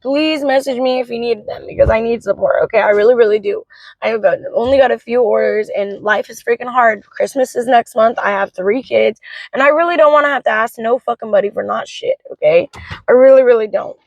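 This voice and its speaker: A woman's voice: a little high, brisk, vocal fry, no echo, poor audio. A young woman and mother venting in an emotional vlog, talking frankly with plenty of swearing. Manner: vents in a frank, swearing rush. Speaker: vlogger, mother of three.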